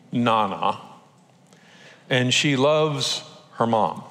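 A man's voice: mid-range voice, a bit bright. Older man preaching in a reverberant church. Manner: conversational and emotional, acting out quotes. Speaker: pastor. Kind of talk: sermon. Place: church auditorium. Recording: long hall reverb.

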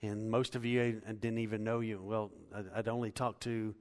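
A man's voice: fairly low pitch, little pitch movement, moderate pace, big-room sound. A man in his forties preaching a conversational sermon as pastor, talking easily and personally. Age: 40s. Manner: conversational, laughing asides.

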